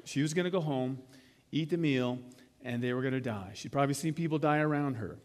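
A man's voice: medium pitch, fairly quick, darkish tone, in a large hall. A man preaching a sermon in a conversational way, retelling a scene and asking the listeners rhetorical questions. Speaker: pastor.

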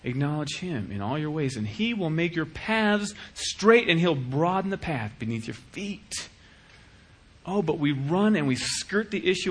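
A middle-aged man preaching a sermon as pastor, acting out little dialogues in an animated way. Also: a little high, a little slow, slightly rough. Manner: animated, acts out dialogues with shifting voice.

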